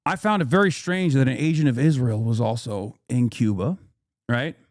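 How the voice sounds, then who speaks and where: A man's voice: mid-range voice, normal speed, a little mellow, dry recording, clean studio sound. A man streaming casual commentary, swearing freely and rambling in an indignant tone.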